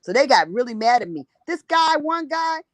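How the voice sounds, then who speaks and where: A woman recounts a story in casual conversation, blunt and emphatic, often circling back and repeating herself. Her voice sits a little high, and the recording is dry with no room sound. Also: very animated, normal speed, no echo.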